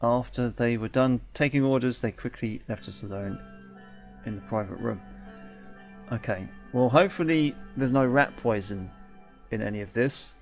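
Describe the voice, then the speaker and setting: A man's voice: medium pitch, normal speed, faint music behind. A man hosting a let's play, reading the game's text aloud and chatting, correcting himself and laughing often.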